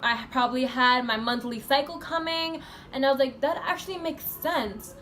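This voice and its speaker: A woman's voice: high voice, normal speed, fairly bright tone, slight background noise. A woman from the USA telling a personal story in a casual vlog, rambling and chatty, full of fillers. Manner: chatty, rambling, heavy use of filler 'like'. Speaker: vlogger.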